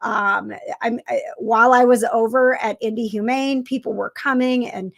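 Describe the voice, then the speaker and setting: A woman hosting a casual live stream, speaking in a halting, emotional way with many fillers and restarts. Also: fairly high pitch, fairly even intonation, gravelly, fairly bright tone, no echo. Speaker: vlogger host.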